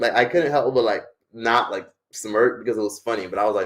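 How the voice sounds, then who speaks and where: A man's voice: fairly low pitch, brisk, hardly any pauses, fairly bright tone. A young American man hosting a live stream, talking casually in a rambling, profane way with lots of fillers. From United States.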